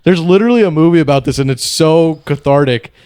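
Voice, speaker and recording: A man's voice: a little high, fast talker, a little mellow, clear, resonant tone, no room sound, clean studio sound. A young man co-hosting a podcast, chatting casually and telling stories in a loose, profane, rambling way. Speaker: podcast co-host.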